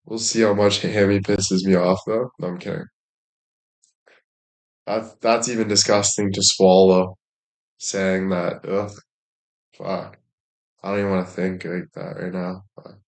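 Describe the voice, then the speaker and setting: A man talking loosely on a stream, his voice sitting a little low. He rambles, swears freely and leans on fillers between his thoughts. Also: flat delivery, measured pace, long pauses. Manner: rambling, profane, with lots of filler words. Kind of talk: casual chat.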